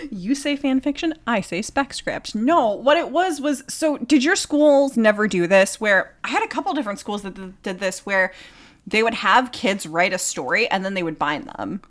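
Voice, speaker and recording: Lively, playful woman podcast co-host. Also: medium pitch, normal speed. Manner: playful, laughing, storytelling. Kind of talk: casual podcast chat.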